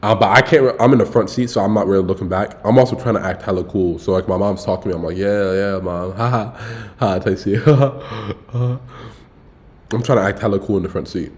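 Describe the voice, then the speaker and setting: Young man, lowish voice, casual livestream storytelling, slangy, swears a lot. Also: fairly quick. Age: young adult. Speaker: streamer.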